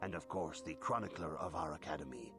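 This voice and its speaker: A man playing a calm older male Jedi council master in a game, measured and solemn. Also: rumbling low, gravelly. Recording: game audio with music.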